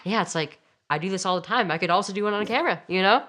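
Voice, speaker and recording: A woman's voice: mid-range voice, rapid-fire, fairly bright tone. A young woman talking as a guest over a remote call, hesitant and filling her sentences with "like". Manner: hesitant, lots of "like". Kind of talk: casual chat. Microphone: remote call over satellite internet.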